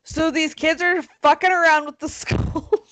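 A woman co-hosting a casual chat, telling a story in an animated, profane, self-mocking way. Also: sits high, a little slow, no room sound, poor audio. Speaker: podcast co-host.

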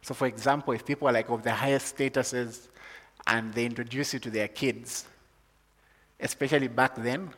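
Zambian preacher in an echoing hall. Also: male voice, mid-range voice, moderate pace. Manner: builds from calm teaching to loud excited preaching. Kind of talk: sermon.

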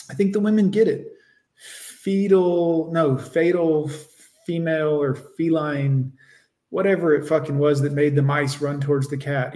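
A man's voice: on the high side, a little mellow. A male host doing livestream reaction commentary, mocking and sarcastic, with crude asides to his viewers.

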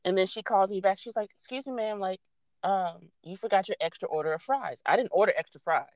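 A young woman tells a story casually, getting animated and cursing freely as she imitates what people said. Her voice is medium-pitched and a bit quick, and the recording is dry.

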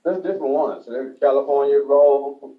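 A man's voice: medium pitch, fairly even intonation, moderate pace, distant mic. A man co-hosting a casual radio chat, easygoing and matter-of-fact. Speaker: radio co-host. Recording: dull, roomy, off-mic.

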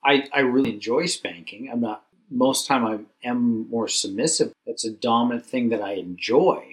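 A man with a mid-range voice talks in candid casual chat. He is earnest and a bit halting, often repeating words as he gathers his thoughts. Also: medium pitch. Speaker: podcast co-host.

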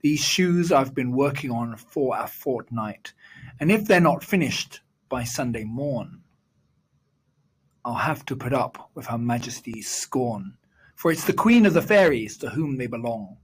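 A man's voice: medium pitch, animated, a little slow, slightly rough. A man doing a cheeky leprechaun. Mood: brisk. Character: crafty cheeky little male leprechaun shoemaker.

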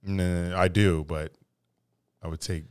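A man chatting casually as a podcast co-host in a relaxed, offhand way, swearing now and then. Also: low voice, slow, smooth, no room sound, clean studio sound. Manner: laid-back, swears casually, lists places he has been. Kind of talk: casual chat.

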